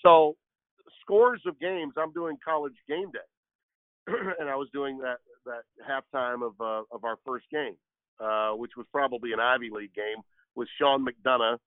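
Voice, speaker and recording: A man's voice: mid-range voice, normal speed, no echo. Jokey man on a tinny phone line. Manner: jokey, rambling storyteller. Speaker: guest broadcaster. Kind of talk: casual anecdote telling.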